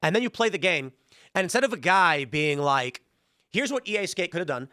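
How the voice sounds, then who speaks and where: Animated, blunt male show host. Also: sits high, fairly quick, no room sound, clean studio sound. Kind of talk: opinion commentary.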